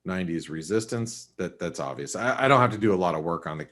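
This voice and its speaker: A man hosting a live trading webinar, talking casually through currency levels and often thinking aloud with quick restarts and asides. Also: deep voice, animated, a bit bright. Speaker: forex market analyst.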